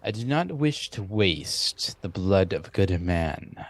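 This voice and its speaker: A man's voice: deep voice, big pitch swings, background noise, full character voice. A man playing a haughty young marquis. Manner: formal, stately, slow speech. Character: arrogant young noble marquis, haughty challenger.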